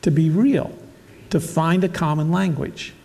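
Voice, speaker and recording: Gravelly pastor in a reverberant hall. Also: male voice, a little high, unhurried, darkish tone. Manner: conversational, storytelling, asides to congregation. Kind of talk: casual sermon with anecdotes.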